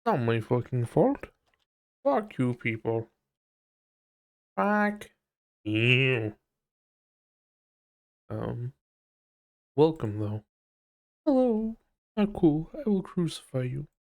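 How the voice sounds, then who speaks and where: Foul-mouthed man with lively swinging pitch. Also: drawn-out words, creaky, long pauses. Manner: profane, mock-aggressive joking with big swings in pitch. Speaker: live streamer. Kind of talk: casual live-stream chatter while sculpting.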